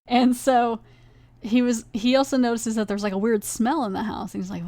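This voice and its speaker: A woman podcast host chats through an episode recap, slipping into quick little voices for the characters. Her voice sits a bit high. The sound is dry and close, with no room around it. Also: steady tone, darkish tone, no echo. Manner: chatty, acts out lines in quick voices.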